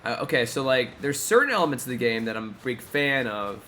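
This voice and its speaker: A man chats casually during a live game session, reacting out loud to events on screen. His mid-range voice is animated, pushed, and bright, he talks fairly quickly, and there is slight background noise.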